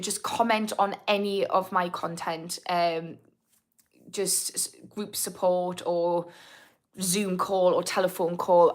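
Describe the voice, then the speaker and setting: A woman's voice: on the low side, a bit bright. A woman in her thirties with a British accent speaks in an easy, chatty way while hosting a live Q&A. She answers viewers' comments by name, often trailing off and starting her sentences again. Her tone stays frank and down-to-earth. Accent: British English. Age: 30s. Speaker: recovery coach hosting a live Q&A. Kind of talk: casual live-stream chat, reading comments.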